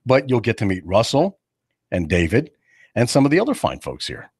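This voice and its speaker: A man hosts a talk radio show from a studio. His pitch swings widely as he jokes, teases his co-host and acts out other people's voices. The sound is close and dry, with no room echo. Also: huge pitch swings, moderate pace, darkish tone, breathy edge. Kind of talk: casual radio chat. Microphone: studio microphone.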